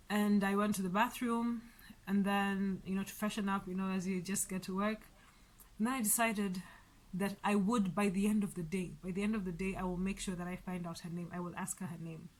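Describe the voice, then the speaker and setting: A woman chats to her viewers in a casual vlog, telling an everyday story. Her voice sits at an ordinary middle pitch. She rambles a little, restarts her sentences often and laughs lightly now and then. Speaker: vlogger.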